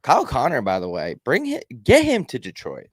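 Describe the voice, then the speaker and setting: Man, casual sports podcast chat, lively up-and-down voice, dry sound, swears a lot. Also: mid-range voice, fairly quick, dry recording. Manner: animated, profane, rambling. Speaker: podcast co-host.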